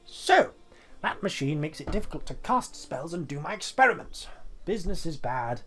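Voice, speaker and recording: A man's voice: on the high side, big pitch swings, normal speed, bright, forceful tone, heavily acted. A man voicing an indignant, fussy male alchemist merchant, complaining in a pompous, aggrieved way.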